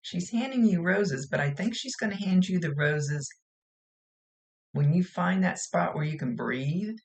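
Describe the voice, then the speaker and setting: A woman's voice: on the low side, lively intonation, unhurried, darkish tone. A woman working as a psychic medium, giving a casual reading in a chatty, folksy, rambling way.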